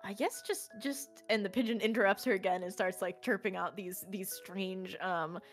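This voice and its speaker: A woman narrating a tabletop game as game master, casual and halting, with many fillers. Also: medium pitch, soft background music.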